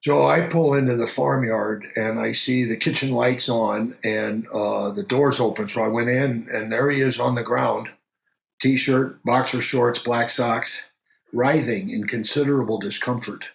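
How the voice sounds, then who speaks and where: An actor playing a middle-aged country doctor who tells a strange story in an unhurried, halting way, full of pauses and fillers. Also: male voice, medium pitch, steady tone, vocal fry, echoey room. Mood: steady recounting. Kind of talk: audio drama acting.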